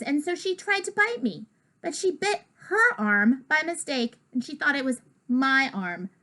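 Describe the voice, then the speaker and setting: A woman reading a children's picture book aloud, with lively, expressive delivery and asides to the listener. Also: high voice. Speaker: storybook reader.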